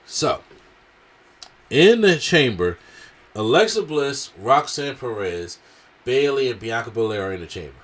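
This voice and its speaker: A man with a strained, worn throat talks through a wrestling event at an everyday middle pitch. His delivery is animated and slangy, and he jumps into bits of other people's voices. It sounds like a relaxed casual review. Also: a little slow, pauses often.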